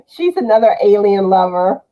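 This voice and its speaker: A woman chatting as a guest on a live show, easygoing and quick to laugh. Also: medium pitch, sing-song, warm tone, rough recording. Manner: slow and easygoing, laughs often. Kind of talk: casual chat.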